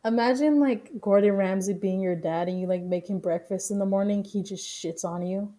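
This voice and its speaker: A woman's voice: mid-range voice, moderate pace, mellow. A young woman streaming, casually reacting with profane, joking commentary.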